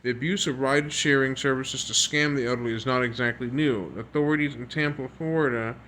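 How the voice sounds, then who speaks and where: This man, a video creator, speaks at medium pitch with fairly even intonation and a sharp tone, over a little hiss or hum. Reading news pieces aloud with his own earnest, repetitive remarks, he halts often, tripping on words and restarting.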